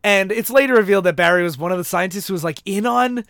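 A man with a high voice hosts a casual chat about comics. He retells the stories with quick laughs and little acted-out quotes. The sound is dry and close, with no room. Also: fairly bright tone, no room sound. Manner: laughs while retelling plots, acts out quotes. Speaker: podcast host.

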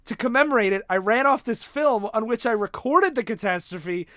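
A man co-hosting a casual podcast, retelling a comic book story with animated quotes and laughter. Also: very high-pitched, normal speed, dry recording, studio quality. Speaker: podcast co-host.

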